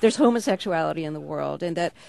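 A woman's voice: deep voice, lively intonation, quick pace, vocal fry, a little mellow, no echo. A middle-aged woman interviewing a guest, asking curious questions and laughing often. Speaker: radio interviewer. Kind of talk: radio interview.

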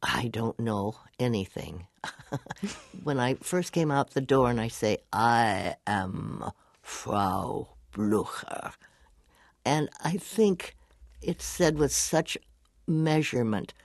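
A woman's voice: very deep voice, animated, takes it slowly, a little mellow, dry recording, studio quality. An older woman as an interview guest, telling anecdotes animatedly, laughing often and acting out whispered lines.

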